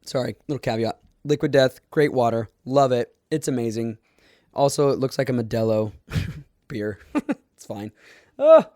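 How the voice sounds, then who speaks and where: A man's voice: medium pitch, lively intonation, moderate pace, darkish tone, no room sound. Chatty male podcast host, dry sound. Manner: casual and rambling, with fillers and self-laughs. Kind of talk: solo podcast monologue.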